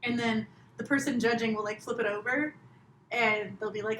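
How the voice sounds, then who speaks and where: A woman's voice: a little high, fairly even intonation, moderate pace, a bit bright. Chatty woman comic in a roomy space. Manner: chatty, laughing, self-deprecating. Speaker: guest comedian. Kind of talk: casual podcast chat. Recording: roomy with faint noise.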